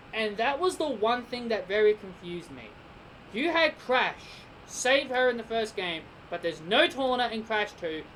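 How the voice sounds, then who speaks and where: A man's voice: high voice, a bit bright, slight background noise, poor audio. A man with an Australian accent giving a casual spoken game review, rambling and speculating as he thinks aloud.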